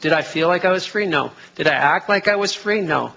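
A middle-aged male pastor delivers a sermon in a church, drawing the congregation in with questions and call-and-response lines. His voice sits a little high and carries a gravelly edge. The recording sounds dull and lo-fi. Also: brisk, pushed and bright. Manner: interactive, asks the congregation to respond. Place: church sanctuary.

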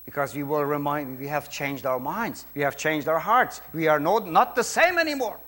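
A middle-aged man with a Brazilian Portuguese accent, a pastor preaching a sermon, emphatic, swinging between loud preaching and quiet asides. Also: on the high side, expressive, normal speed.

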